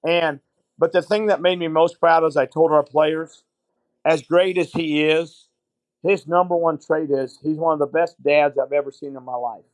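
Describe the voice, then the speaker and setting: A man's voice: fairly high pitch, fairly even intonation, normal speed, no echo, poor audio. A middle-aged man, a basketball coach and podcast guest, telling long anecdotes and acting out the conversations in them. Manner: anecdotal, retells conversations in quotes. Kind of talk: interview storytelling.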